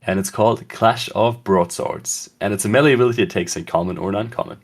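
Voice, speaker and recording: A young man from Germany with a German accent, co-hosting a casual podcast about a tabletop wargame, relaxed and quick to laugh. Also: on the low side. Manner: relaxed, laughs easily, slips into German words. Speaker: podcast co-host.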